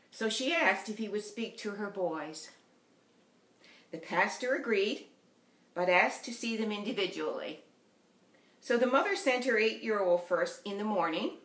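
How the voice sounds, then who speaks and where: A woman's voice: mid-range voice, a bit bright. A woman with a Newfoundland accent, delivering an earnest sermon as a lay preacher and telling a story to the congregation. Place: church. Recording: roomy church echo.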